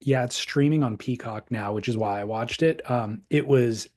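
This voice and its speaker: A man's voice: medium pitch, normal speed, darkish tone. Man, mid-range voice, casual podcast chat, easygoing, wry, long asides. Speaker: podcast co-host.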